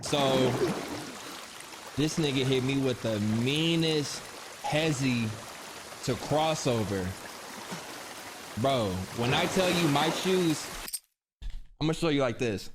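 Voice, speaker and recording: A man's voice: mid-range voice, takes it slowly, long pauses, noisy background. A young man telling funny personal stories in a casual, slangy way, acting out what people said. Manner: animated, slangy, acts out quotes. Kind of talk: casual storytelling.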